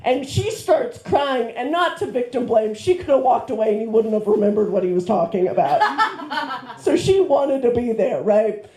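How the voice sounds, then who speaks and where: A woman's voice: on the high side, lively intonation, normal speed, a little mellow. A woman performing a stand-up set, rambling with fillers and self-deprecating jokes, on a handheld mic in a comedy club. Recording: roomy club sound.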